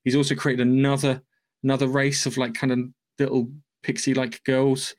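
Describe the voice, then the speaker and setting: A man talks through a film's story on a podcast, rambling and casual. He swears freely as he goes, and his voice sits at an ordinary middle pitch. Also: monotone, moderate pace. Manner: rambling, loose and profane storytelling. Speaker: podcast host. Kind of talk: casual podcast plot recap.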